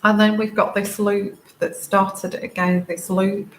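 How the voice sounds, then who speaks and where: Slow, tearful woman tarot reader. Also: mid-range voice, little pitch movement. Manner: slow, halting, many fillers and restarts. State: tearful, crying. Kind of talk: intuitive tarot reading to camera. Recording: echoey room, faint background noise.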